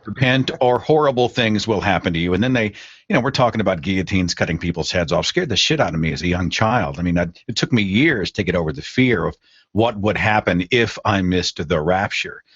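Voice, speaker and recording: A man with a fairly low voice hosts a podcast conversation, putting questions to his guests and thinking aloud about their answers. His voice comes through dry and close, with a slightly muffled, lo-fi tone. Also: fairly quick, fairly bright tone, breathy edge, dry recording. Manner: conversational, asks questions and reflects. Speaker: podcast host. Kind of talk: casual podcast discussion.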